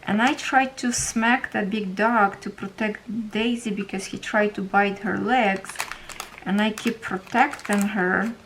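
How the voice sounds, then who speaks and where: A woman from Ukraine with a Ukrainian accent, a craft vlogger casually telling a story while she organizes, pausing often as she searches for words. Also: medium pitch, fairly even intonation, fairly bright tone, slight background noise, poor audio.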